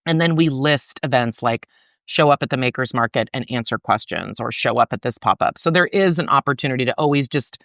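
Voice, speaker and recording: A middle-aged woman talking as a podcast guest about her arts organization, in a chatty, animated way full of fillers. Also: very deep voice, a little fast, vocal fry, no room sound, studio quality. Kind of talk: casual interview conversation.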